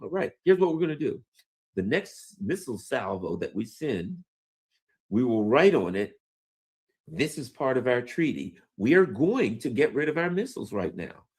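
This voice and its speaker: A defiant male official, as a commentator acts him out, dripping sarcasm and taunts. His voice swings widely, sneering up and dropping low. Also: big pitch swings, moderate pace, husky. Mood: taunting.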